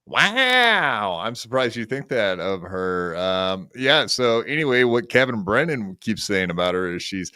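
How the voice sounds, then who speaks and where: A man's voice: on the low side, big pitch swings, measured pace, few pauses, bright, forceful tone, clear, resonant tone, no room sound, clean studio sound. A man trading sarcastic, teasing quips in a casual podcast chat.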